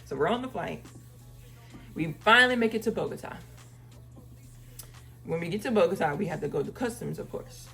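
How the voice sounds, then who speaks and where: A woman telling a casual story time vlog, acting out the people she quotes and speaking in a relaxed, chatty way. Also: lowish voice, normal speed, vocal fry, long pauses, soft background music. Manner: uses "y'all" and "girl" casually. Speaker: travel vlogger.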